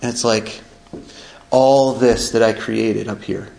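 A man's voice: on the low side, fairly even intonation, slow pace, gravelly, darkish tone, low-quality recording. Man telling a recovery story, rambling. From upstate New York. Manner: rambling, many restarts and "right?". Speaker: recovery speaker. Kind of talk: personal story share.

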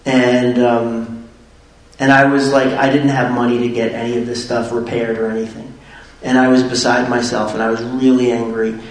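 A man's voice: mid-range voice, little pitch movement, normal speed. Middle-aged man, candid storyteller who mocks himself, mic set back in a very reverberant room. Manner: candid, self-mocking, laughs at himself. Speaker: speaker sharing recovery story. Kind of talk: personal storytelling. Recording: very echoey room, distant mic.

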